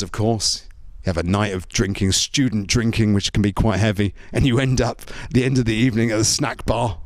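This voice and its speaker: A man's voice: on the low side, fairly quick, dry recording. A man from Britain with a British accent, doing a jokey stand-up routine as a comedian and MC, acting out little voices. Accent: British English. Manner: animated, jokey, acts out voices.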